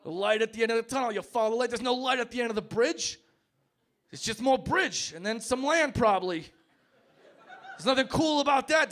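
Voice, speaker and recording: A man doing a stand-up comedy argument on a pub stage, brash and mock-tough, swinging between loud rants and mock-tearful asides. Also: very high voice. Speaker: comedy debater. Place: pub stage before a live audience.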